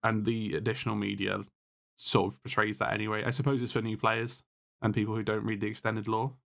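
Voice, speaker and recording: A man's voice: lowish voice, little pitch movement, a little fast, creaky, a bit bright. A man talking as a podcast guest in casual chat, blunt and exasperated, swearing freely as he complains. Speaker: podcast guest, content creator.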